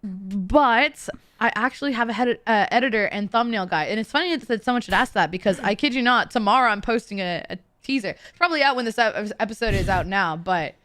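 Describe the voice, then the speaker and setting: Bubbly high-voiced woman chatting. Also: lively intonation, fairly bright tone, dry recording. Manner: bubbly, quick to laugh, playful. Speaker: podcast guest, Rocket League caster. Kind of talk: casual podcast chat.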